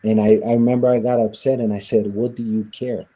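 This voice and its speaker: A man's voice: mid-range voice, little pitch movement, fast, dark tone. A man in an interview, casually telling his life story with lots of quoted back-and-forth and fillers. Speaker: interview guest.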